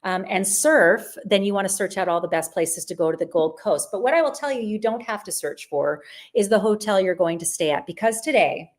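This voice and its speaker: A woman's voice: medium pitch, expressive, brisk. A woman hosting a live online travel sale, chatting in an upbeat, rambling way as she presents deals and answers viewer questions. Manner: chatty and upbeat, with frequent restarts. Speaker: livestream sale host. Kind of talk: live shopping stream presenting.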